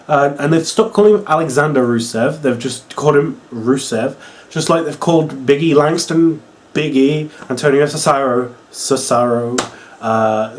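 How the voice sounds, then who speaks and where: A man's voice: medium pitch, moderate pace. A young man giving a casual, exasperated review full of sarcasm and fillers like "uh" and "like". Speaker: wrestling reviewer.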